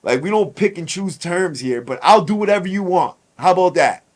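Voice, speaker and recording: A podcast host telling a personal story in casual, blunt, profane street talk. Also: male voice, high voice, expressive, a little fast.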